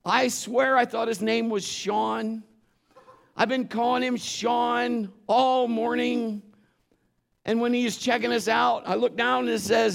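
Male preacher with a high voice, conversational sermon, earnest and emphatic, folksy storytelling between scripture points. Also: steady tone, slow, vocal fry, fairly bright tone. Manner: earnest, emphatic, mixes scripture with personal anecdotes.

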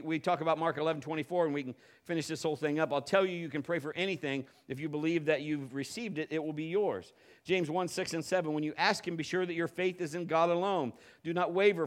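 A middle-aged man preaching a sermon, telling folksy stories with many restarts and building from quiet teaching to loud preaching. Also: fairly high pitch. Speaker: pastor.

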